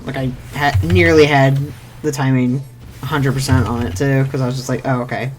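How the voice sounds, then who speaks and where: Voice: medium pitch, little pitch movement, normal speed. A streamer playing an online role-playing game, talking to themself in casual commentary, swearing freely and reading game text aloud. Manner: talks to self, mutters, swears freely. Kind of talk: casual let's-play commentary.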